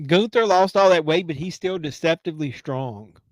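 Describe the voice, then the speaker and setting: A man hosting a live wrestling watch-along, reacting casually with blunt, excitable remarks, heckling and the odd curse, and a voice he says is going. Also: a little high, dry recording. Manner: excitable, blunt and heckling, with quick asides and swearing. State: losing his voice.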